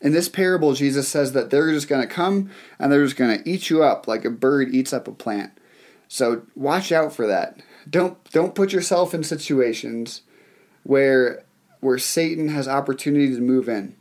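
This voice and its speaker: A young adult man preaching a sermon, telling a story in an animated way with fillers and restarts. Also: medium pitch, normal speed. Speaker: pastor.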